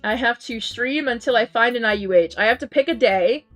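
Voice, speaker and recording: Giggly woman streaming a game and chatting to chat, kinda high voice, faint music behind. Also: brisk. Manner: chatty and giggly, many ums and restarts. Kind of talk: casual live-stream chat reading chat messages. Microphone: headset mic.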